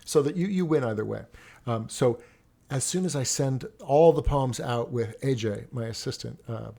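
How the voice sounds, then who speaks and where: A man who teaches poetry, telling stories in conversation in an animated way, often repeating words and restarting his sentences. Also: medium pitch, moderate pace, creaky. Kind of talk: storytelling in conversation.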